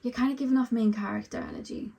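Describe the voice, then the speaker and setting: A woman's voice: fairly high pitch, fast, vocal fry, mellow, slightly rough. A woman giving a pick-a-card tarot reading, chatty and full of ums and likes, talking straight to the viewer. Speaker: tarot reader.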